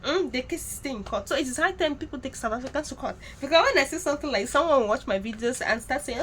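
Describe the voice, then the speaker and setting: A woman's voice: high-pitched, animated, quick pace, few pauses, a bit bright, slight background noise. A woman vlogger talking straight to her viewers, direct and scolding. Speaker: YouTube commentator. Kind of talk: vlog commentary to viewers.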